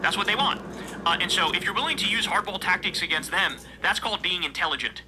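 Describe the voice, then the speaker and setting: A man's voice: sits high, fast talker, music in the background, poor audio. A man reading news aloud and breaking into heated, profane, mocking commentary. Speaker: political commentary streamer.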